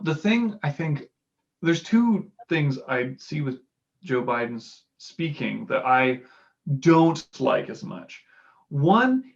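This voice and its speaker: A man's voice: medium pitch, vocal fry, dull audio. A man giving casual analytical commentary on public speaking, now and then acting out example lines to show delivery. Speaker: speaking coach commenting on clips.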